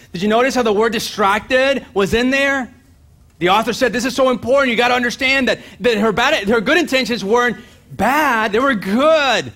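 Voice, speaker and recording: A man preaching a sermon as pastor, animated, acting out the voices of people in the story and dropping to a quiet voice for asides. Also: normal speed. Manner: drops to a low, quiet voice for asides.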